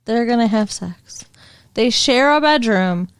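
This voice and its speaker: A woman's voice: a little high, lively intonation, measured pace, smooth, no room sound. A woman co-hosting a casual movie review podcast, dry and unimpressed, with curt replies. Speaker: podcast co-host.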